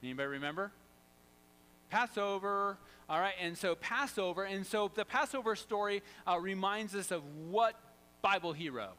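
A pastor preaching a sermon, animated, swinging from loud to hushed and quizzing the congregation. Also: male voice, high voice, moderate pace, clean tone, rough recording.

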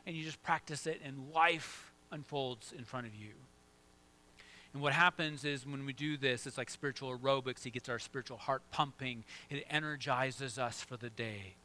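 A man preaching a sermon, moving between soft, hushed prayerful moments and loud, excited bursts. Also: mid-range voice, normal speed. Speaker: pastor.

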